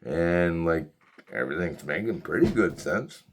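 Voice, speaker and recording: A man's voice: low voice, lively intonation, a little slow, a little hiss or hum. A man hosting a casual podcast, a little tipsy from beer, rambling and swearing a lot. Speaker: podcast host. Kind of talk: casual chat.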